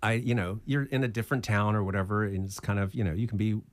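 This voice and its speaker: A man guesting on a radio show, telling stories and acting out the quotes in a lively way. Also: on the low side, quick pace, dry recording. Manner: animated storyteller acting out quotes. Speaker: musician guest. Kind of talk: casual radio studio chat. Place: radio studio.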